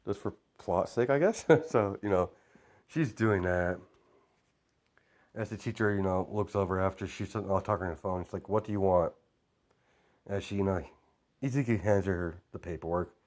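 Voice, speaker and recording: A man's voice: deep voice, normal speed, darkish tone. A young man improvising a fan-fiction story aloud, rambling with constant fillers.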